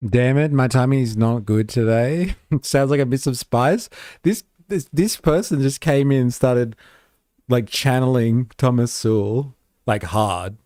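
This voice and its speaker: A man's voice: medium pitch, measured pace, warm tone, no echo, clean studio sound. A man hosting a live stream, reacting to a clip with sarcastic, mocking commentary and casual swearing.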